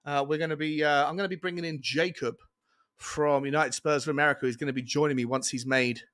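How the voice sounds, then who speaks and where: A man hosting a live fan watchalong stream, chatting excitably and reading out viewer comments. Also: on the high side, fast talker. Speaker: fan show host. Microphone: earphones with mic, webcam.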